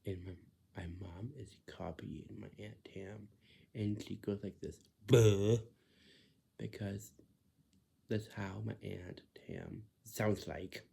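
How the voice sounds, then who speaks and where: A man giving advice in a casual, repetitive monologue, slipping between hushed whispers and loud, emphatic bursts. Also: on the low side, fairly even intonation, takes it slowly, vocal fry, slight background noise.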